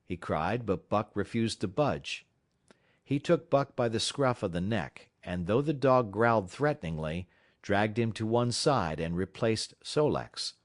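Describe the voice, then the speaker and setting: A man reading a novel aloud as an audiobook narrator, measured and dramatic, dropping low at tense moments. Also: animated, no room sound, clean studio sound.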